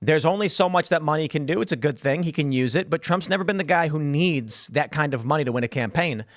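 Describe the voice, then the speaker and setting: A man's voice: on the high side, fast, dry recording, clean studio sound. A man hosting a political talk show, explaining his views earnestly in long runs, with frequent restarts. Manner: earnest, lecturing, many restarts. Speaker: host.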